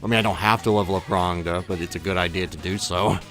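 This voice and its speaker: A deep-voiced man talks through his gameplay in a loose, rambling way. He often stops to correct himself and chuckles at his own remarks. Faint game music plays behind him. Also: steady tone, fast talker. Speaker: let's play gamer. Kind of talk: casual gameplay commentary.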